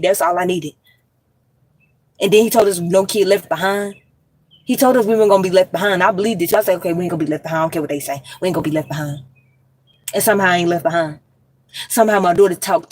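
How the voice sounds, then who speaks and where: A woman's voice: fairly low pitch, a little mellow. A woman from the United States delivering a profane, rambling monologue straight to her viewers, addressing them as y'all and jumping from one thought to the next. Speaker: vlogger.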